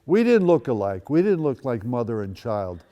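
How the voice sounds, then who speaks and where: A man's voice: mid-range voice, very animated, normal speed, mellow, big-room sound, lo-fi sound. A man in his eighties, originally from the Netherlands, gives a personal storytelling talk as a guest speaker with wry, dry asides. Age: 80s. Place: school event space.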